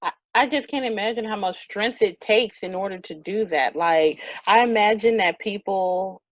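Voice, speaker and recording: A woman's voice: medium pitch, normal speed, dry recording, highs cut off. A woman hosting a podcast, responding in an affirming and reflective way. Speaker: podcast host. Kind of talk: casual chat.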